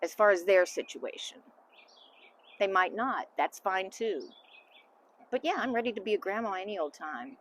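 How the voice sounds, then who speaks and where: A middle-aged woman, answering interview questions as a mother in a candid, halting, emotional way. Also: medium pitch, expressive. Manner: candid, halting, emotional, trailing off into soft asides. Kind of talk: casual family interview.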